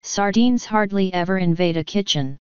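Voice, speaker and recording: A woman's voice: mid-range voice, moderate pace, a little mellow, clear, resonant tone, no room sound, lo-fi sound, natural voice. A woman playing a scornful bossy girl. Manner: blunt, scornful. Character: sharp-tongued, imperious young girl.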